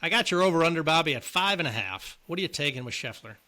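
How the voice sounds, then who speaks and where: A man's voice: a little high, animated, quick pace, sharp tone. A man co-hosting a casual podcast who leads the conversation with questions about movies and sports. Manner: quizzing, leading the questions. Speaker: podcast co-host.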